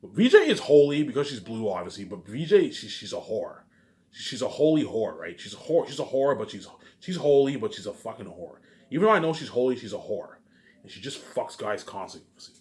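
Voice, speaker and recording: A man's voice: on the low side, big pitch swings, fairly quick, a little mellow. A man in a rambling, boastful monologue, repeating himself and tacking filler phrases onto every sentence. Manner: repetitive, keeps adding "obviously" and "you know what I'm saying"; boastful, ranting.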